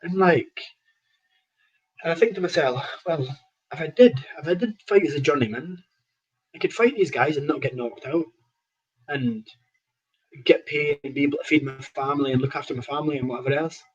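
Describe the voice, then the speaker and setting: Scottish male guest, husky voice, chatty storyteller, slightly muffled lo-fi sound. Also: on the high side, moderate pace, long pauses. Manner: animated anecdotes with quoted dialogue, laughs often. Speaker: professional boxer, guest. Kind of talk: casual storytelling interview.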